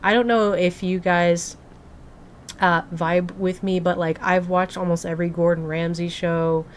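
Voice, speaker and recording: Speaking at a measured pace with a level tone, a young woman game streamer gushes to her live chat in a bubbly, casual way full of "like" fillers. Her voice runs low, and there's slight background noise.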